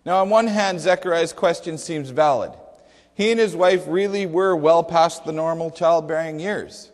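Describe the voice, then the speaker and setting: Male pastor, sermon, high voice, emphatic with rhetorical questions, long hall reverb. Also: moderate pace.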